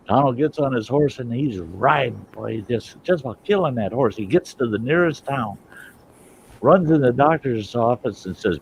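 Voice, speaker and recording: A man hosting a casual online chat, telling long jokes and jumping into loud, high voices for the characters. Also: lively intonation, normal speed, creaky. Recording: dull lo-fi audio with faint noise.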